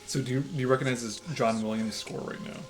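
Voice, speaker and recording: A man co-hosting a casual movie-watching chat, with enthusiastic, quick banter. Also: mid-range voice, soft background music. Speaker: co-host.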